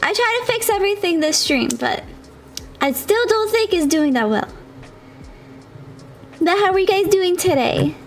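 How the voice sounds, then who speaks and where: Bubbly high-voiced woman streamer. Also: lively intonation, normal speed, pauses often, soft background music. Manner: bubbly and chatty, laughing often. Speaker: game streamer. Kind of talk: casual live-stream chat with viewers.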